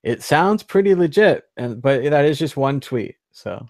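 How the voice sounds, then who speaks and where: A man hosting a live panel show, moving briskly between guests and prompts. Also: a little high, animated, vocal fry, no room sound, clean studio sound. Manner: brisk moderator, runs the segment and calls on guests. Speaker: host.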